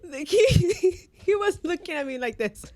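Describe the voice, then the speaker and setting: A woman's voice: very high voice, expressive, measured pace, a little mellow, no echo, clean studio sound. A woman co-hosting a podcast, telling an embarrassing story in casual chat, laughing often and slipping into Spanish phrases. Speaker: podcast co-host.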